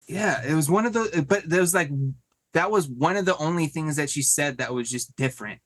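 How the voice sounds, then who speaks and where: A man's voice: fairly high pitch, brisk, fairly bright tone. A man co-hosting a podcast in casual chat, rambling along with lots of "like" fillers. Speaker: podcast co-host.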